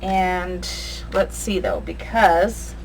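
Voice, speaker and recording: A crafting channel host speaks very slowly in a steady, lowish voice. She's chatty, humming and muttering to herself while she works. Noticeable background noise runs through the clip.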